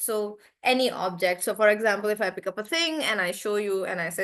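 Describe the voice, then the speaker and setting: A woman's voice: on the high side, normal speed, a bit bright. A young woman with an Indian English accent teaching an online English class, chatty, giving example sentences and stories.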